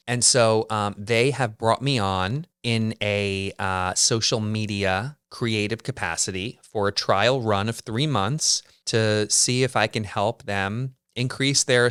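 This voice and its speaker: A man's voice: on the low side, a bit bright, clear, resonant tone, no echo, studio quality. Wry, chatty man hosting a podcast. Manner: chatty and wry, heavy use of "like". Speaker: podcast host. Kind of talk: casual solo storytelling.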